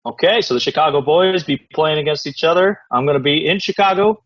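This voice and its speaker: A man's voice: a little high, fairly quick, a bit bright. A man casually co-hosting a fantasy football recap, laid-back and rambling, laughing often. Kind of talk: casual chat. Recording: dull lo-fi recording.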